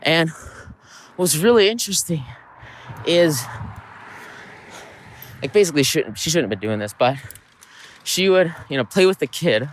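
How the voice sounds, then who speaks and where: A man with a somewhat high-pitched voice tells a story casually on his podcast. He wanders and restarts, filling gaps with "you know" and checking in with "right?" as he goes. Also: lively intonation, measured pace, long pauses, a little hiss or hum. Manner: rambling, with many fillers and "right?" check-ins. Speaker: podcast host.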